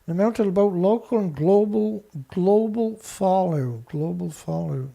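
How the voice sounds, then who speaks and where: A man hosting a show, reading research text aloud haltingly and breaking in with scornful remarks to an absent critic. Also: sits high, creaky, warm tone. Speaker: show host. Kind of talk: reading documents aloud with commentary.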